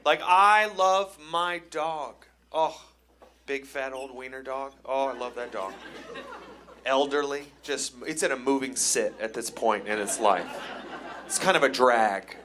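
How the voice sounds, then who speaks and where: A man from Cleveland, Ohio, doing a live stand-up set on a comedy club stage, telling wry, self-deprecating stories that build into excited rants. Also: medium pitch, unhurried, some chatter behind. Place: comedy club stage before a laughing audience.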